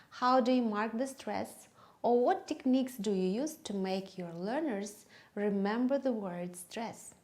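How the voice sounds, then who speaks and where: A woman, a native Kyrgyz speaker, leading a teaching demonstration in English, drilling words slowly and clearly. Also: a little high, darkish tone.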